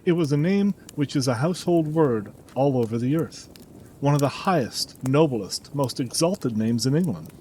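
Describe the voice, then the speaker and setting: Distraught middle-aged banker, formal and earnest, lively pitch, voiced by a male narrator. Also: moderate pace, slight background noise, close to an everyday voice, poor audio. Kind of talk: audiobook character reading.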